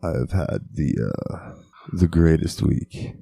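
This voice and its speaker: A man putting on a slow, drawn-out, sultry seductive voice as a comedic bit on a casual podcast. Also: very deep voice, expressive, gravelly, mellow, husky, dry recording, heavily acted. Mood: mock-seductive. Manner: slow, drawn-out, mock-seductive delivery with lingering pauses. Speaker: podcast co-host.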